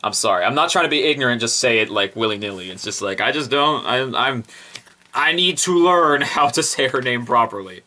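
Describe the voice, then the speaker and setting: A young man talks through a review with no script, excitable and rambling, trailing into fillers and correcting himself mid-sentence. His voice is bright and forceful, sitting at an ordinary pitch for a man. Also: fairly quick. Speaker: product reviewer. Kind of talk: casual unscripted review.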